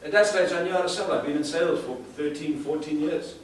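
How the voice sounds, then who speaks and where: A sales trainer speaking emphatically to a live audience, asking rhetorical questions and repeating words for effect. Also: male voice, fairly high pitch, steady tone, fast talker. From South Africa. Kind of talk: live seminar talk. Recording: echoey room, far from the mic, faint hiss.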